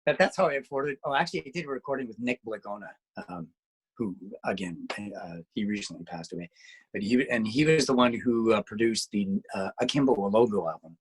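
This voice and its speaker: A man's voice: on the low side, brisk, husky, rough recording. A man being interviewed about his music and radio work, talking casually in a rambling way with lots of restarts. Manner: rambling, with many restarts and fillers.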